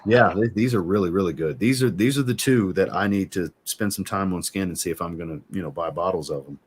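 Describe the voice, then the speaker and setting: A man's voice: sits low, fast talker, slightly rough. A man hosting a casual livestream, reviewing fragrances and reading out chat comments in an easygoing way.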